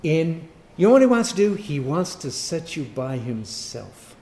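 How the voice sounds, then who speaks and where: A man preaching a sermon, firing rhetorical questions and swinging from loud emphasis to quiet asides. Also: a little high, big pitch swings, a little slow.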